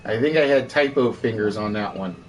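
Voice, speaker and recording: A man's voice: mid-range voice, a little fast, faint music behind. A man hosting a live online game show, chatty, repeating and rephrasing his quiz questions, with an occasional cough.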